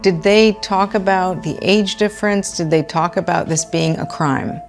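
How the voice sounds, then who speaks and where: Lower-voiced woman reporter, probing. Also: steady tone, moderate pace, vocal fry. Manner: gentle, probing questions. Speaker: reporter, interviewer. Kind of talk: documentary interview. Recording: faint music underneath.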